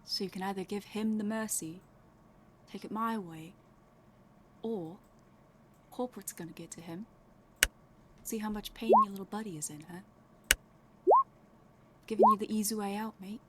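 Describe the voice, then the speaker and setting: A woman's voice: medium pitch, moderate pace, pauses often, noisy background, natural voice. A woman voicing a threatening, foul-mouthed male cop who swears and pushes hard. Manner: menacing, swearing, pushy.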